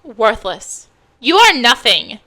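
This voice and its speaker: A woman's voice: fairly high pitch, big pitch swings, slow pace, pushed and bright, exaggerated voice. A woman voicing a cold, contemptuous inner voice that belittles a child in a game. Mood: scornful. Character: cruel inner voice, sneering, contemptuous.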